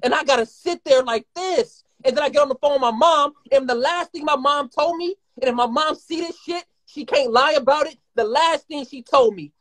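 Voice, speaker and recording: Heated, profane high-voiced young man. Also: a bit bright. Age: 20s. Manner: heated, profane, rapid, rambling. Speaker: guest. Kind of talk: emotional live-stream conversation.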